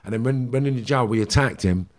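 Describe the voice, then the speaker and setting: A middle-aged man, telling stories bluntly in casual chat, full of swearing and halting restarts. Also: medium pitch. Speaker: podcast guest.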